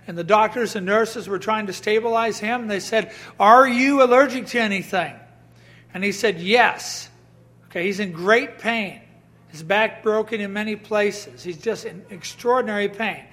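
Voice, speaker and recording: A man with a strikingly high voice preaching a sermon. He tells stories, quotes voices, and reads scripture aloud. His delivery builds into emphatic, raised bursts. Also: a bit bright.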